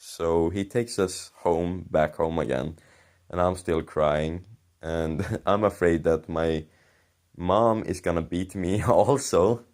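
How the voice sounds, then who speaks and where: A man's voice: low voice, fairly even intonation, takes it slowly, a little mellow. A young man casually telling a rambling, sweary story about himself, laughing at his own embarrassment. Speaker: commentary channel host.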